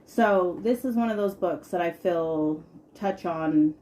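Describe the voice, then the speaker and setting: A woman's voice: lowish voice, slow pace, mellow. A woman in her thirties hosting a podcast, talking candidly and emphatically about her own life. She repeats words for stress and swears casually. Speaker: podcast host. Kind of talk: candid personal podcast talk.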